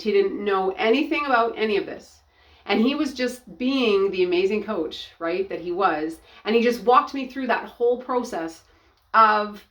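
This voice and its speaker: A woman's voice: medium pitch, fairly bright tone. Earnest woman sharing a personal testimony. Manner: earnest, halting, with many restarts. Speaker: ministry founder and coach.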